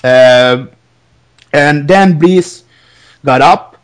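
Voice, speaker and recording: A man's voice: a little high, extremely slow, smooth. A man hosting a podcast, recapping wrestling in a rambling, casual way, laughing often between restarts. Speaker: podcast host.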